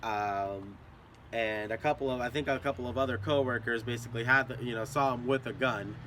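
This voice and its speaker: A man's voice: medium pitch, fairly even intonation, a little fast, a bit bright, slight background noise. A young man telling a story to his channel in a casual, profane, rambling way.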